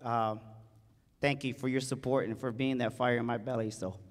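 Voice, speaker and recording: A man's voice: medium pitch, little pitch movement, moderate pace. A man giving a heartfelt speech at a conference, telling a family story with emotion and acting out the quoted voices. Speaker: conference speaker. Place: conference hall stage. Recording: large hall reverb.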